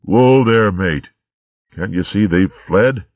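A man voicing a tough, friendly male otter chieftain in a storybook, with rough, homely seafaring talk. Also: fairly low pitch, takes it slowly, no room sound, pitched above the performer's own voice. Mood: calming. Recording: tinny narrow-band recording.

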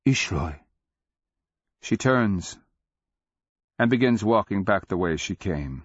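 Deep, unhurried male narrator; measured and dramatic, dry and slightly dull recording. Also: expressive, dry recording. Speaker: audiobook narrator. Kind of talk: scripted literary narration.

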